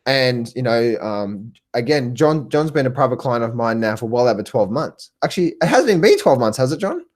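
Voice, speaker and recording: An Australian man hosting a live stream as a trading coach. He is eager and repeats himself a lot, laughing and breaking off to answer viewers by name. His voice sits at an ordinary middle pitch for a man. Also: fairly quick. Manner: excitable, repetitive, laughs often, chats with viewers by name.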